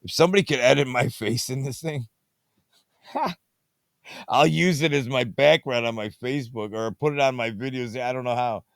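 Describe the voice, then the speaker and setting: A man with a mid-range voice speaks at a moderate pace, with no room sound. At home at night, fiddling with a tablet, he hosts a late-night movie review show in a meandering, casual monologue full of repeated catchphrases and sidetracks.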